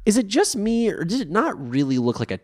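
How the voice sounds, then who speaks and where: A man co-hosting a podcast in casual chat, recapping an anime episode in a wry, animated way with the odd swear. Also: high-pitched, a little fast.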